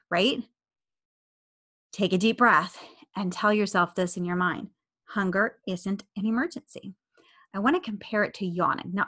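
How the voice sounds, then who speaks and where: A woman's voice: lowish voice, a bit bright. A woman in her thirties hosting a podcast. She coaches listeners in a casual monologue, repeats key phrases and acts out their inner voices.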